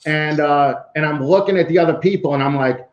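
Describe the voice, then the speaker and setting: A man's voice: fairly high pitch, fairly quick, reverberant, dull audio. A man with a New York accent, a podcast guest telling rambling, profane stories in casual chat.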